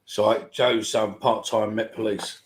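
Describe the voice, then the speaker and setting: A football fan podcast host chats loosely and rambles, full of ums and restarts. He has a fairly low voice, flat delivery and a slow pace.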